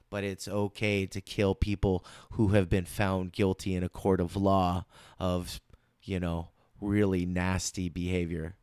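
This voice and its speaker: A man's voice: lowish voice, clear, resonant tone, dry recording, studio quality. A man hosting a casual political commentary show, rambling and emphatic, often restarting and repeating his words.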